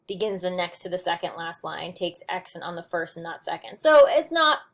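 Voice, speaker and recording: A woman's voice: lowish voice, very animated, a little fast. A woman teaching a recorded lesson on poetic meter, explaining step by step with frequent ums and restarts. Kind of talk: recorded lecture on poetry notes.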